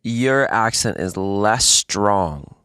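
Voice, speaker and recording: A man's voice: on the low side, very slow, clean tone, no room sound, studio quality. A male co-host chatting enthusiastically about songwriting. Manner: enthusiastic, expressive. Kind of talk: casual chat.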